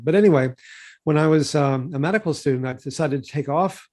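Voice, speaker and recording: A man in his sixties from Texas, a physician telling stories from his career in a relaxed conversational way, full of fillers and restarts. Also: a little high, a little fast. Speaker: physician and researcher. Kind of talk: conversational interview storytelling.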